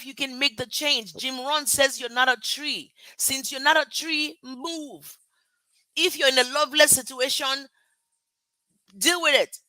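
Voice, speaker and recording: A woman's voice: high voice, pushed and bright, no echo, low-quality recording. A middle-aged Nigerian woman hosting a live motivational talk, emphatic and repetitive, laughing at herself. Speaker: motivational host.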